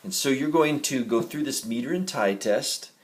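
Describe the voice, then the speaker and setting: A man teaching a music reading lesson, patient and gentle, walking students through rhythm exercises. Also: mid-range voice, moderate pace. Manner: patient, gentle instructor, demonstrating rhythms by singing syllables.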